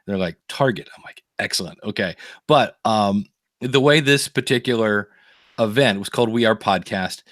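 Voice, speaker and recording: A man hosting a podcast, telling animated stories in casual chat and acting out the people he quotes. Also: on the low side, normal speed, no room sound, studio quality. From United States. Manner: animated storyteller, acts out quoted voices. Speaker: podcast host.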